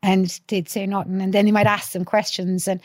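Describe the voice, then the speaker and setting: A woman's voice: medium pitch, fairly quick, no room sound, clean studio sound. A woman with a Dublin accent, a podcast guest and youth worker, chatting casually and telling stories with acted-out quotes and blunt swearing. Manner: lively storyteller, acts out quotes, swears freely. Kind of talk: casual chat.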